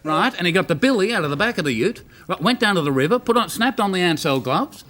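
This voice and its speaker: A man's voice: high voice, lively intonation, fast, a bit bright, a little hiss or hum. An Australian man telling a rambling joke in a TV studio, chuckling and laughing at his own jokes. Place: TV studio with audience.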